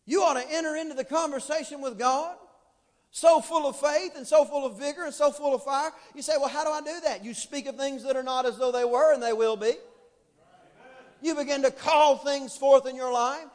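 A man preaching a sermon as pastor, fervent and building to shouted emphasis, with drawn-out dramatic phrasing. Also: very high-pitched, long reverb tail. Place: church sanctuary.

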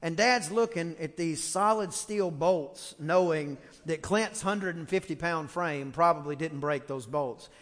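Texan male pastor, storytelling sermon, high bright voice, long church-hall echo. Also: measured pace, few pauses. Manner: animated storyteller, quotes voices, shouts for emphasis. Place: church sanctuary.

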